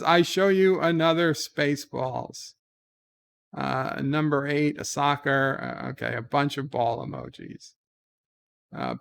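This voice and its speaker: A man hosts a relaxed livestream and reads out his chat with lively emphasis. His voice sits a little high and sounds clean and smooth. Now and then he hams up the messages as he reads them. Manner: reads viewer messages aloud with animated emphasis. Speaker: livestream host reading chat. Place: home, talking from bed.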